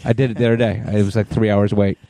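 A middle-aged man co-hosting a podcast, telling a profane, animated story in casual chat. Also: fairly low pitch, rapid-fire, no echo. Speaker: podcast co-host.

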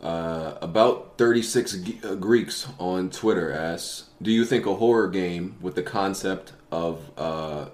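A man's voice: low voice, unhurried, hardly any pauses, echoey room, a little hiss or hum. A man hosting a podcast in casual banter, reading listener questions in a laid-back, insistent way.

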